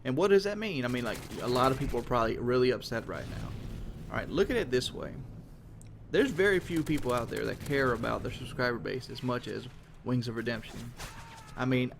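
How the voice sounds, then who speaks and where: A man's voice: medium pitch, expressive, a little fast, gravelly, a little hiss or hum. A man giving a casual monologue as a gaming commentator, frank and rambling, with casual swearing.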